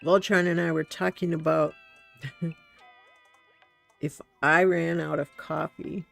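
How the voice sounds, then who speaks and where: Brief: easygoing woman game streamer, gravelly voice, slow chatty delivery. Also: sits low, fairly even intonation, soft background music. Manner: chatty, giggly, talks to her viewers. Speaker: streamer, host. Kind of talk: relaxed gameplay commentary.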